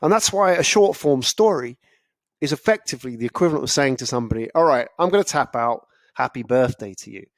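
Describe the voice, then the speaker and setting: A man giving a casual, animated talk about storytelling, often acting out other people's reactions. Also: mid-range voice, quick pace, no echo, clean studio sound. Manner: animated, acts out listeners' reactions. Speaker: speaker on storytelling.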